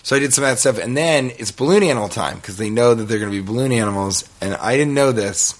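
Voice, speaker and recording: A man in casual chat, spinning out a meandering story with plenty of restarts and asides. His voice sits at an ordinary middle pitch, and he tells it loosely and animatedly. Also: fast. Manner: rambling, animated storytelling with laughs.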